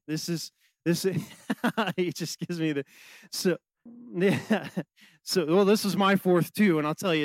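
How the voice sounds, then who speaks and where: A middle-aged man, a pastor, preaching a sermon and telling a personal story in an animated, conversational way with many fillers. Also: high voice, dry recording, poor audio.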